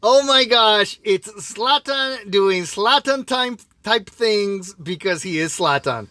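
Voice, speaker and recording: Young man, co-host, high voice, excitable fan chatter, dry close sound. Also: no room sound. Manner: gushing, excitable fan talk, drawn-out exclamations. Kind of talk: casual sports podcast chat.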